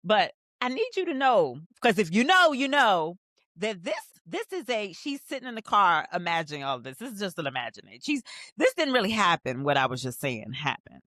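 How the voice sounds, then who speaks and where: A woman hosting a rewatch show, recapping a TV episode in casual commentary and acting out the characters' lines, sometimes jumping into high excited bursts. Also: brisk, no echo, studio quality. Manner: animated, acts out scenes in quoted voices. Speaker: rewatch podcast host.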